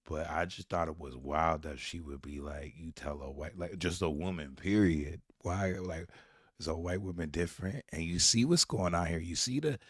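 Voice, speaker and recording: A man's voice: low-pitched, normal speed, fairly bright tone, slightly rough, dry recording, studio quality. A man from Jamaica giving mocking commentary on a video clip he is reacting to.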